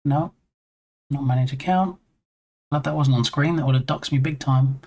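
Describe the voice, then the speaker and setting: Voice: mid-range voice, moderate pace, warm tone. A live streamer debugging a hardware setup, muttering through each step, reading on-screen settings aloud and breaking off to greet viewers in chat. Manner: muses to self, reads screen text aloud, chats with viewers. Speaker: game dev streamer. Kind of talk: live-stream thinking aloud while troubleshooting. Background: headphones on.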